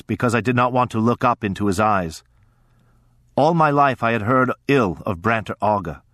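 A low-pitched man narrates a first-person story in a measured, steady audiobook reading. The sound is close and dry, with no room echo. His delivery stays even and unhurried.

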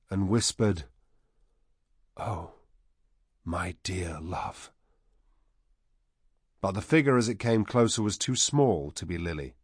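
A man reading a fantasy story aloud as audiobook narration, measured, quiet and unhurried. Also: lowish voice, dry recording, studio quality.

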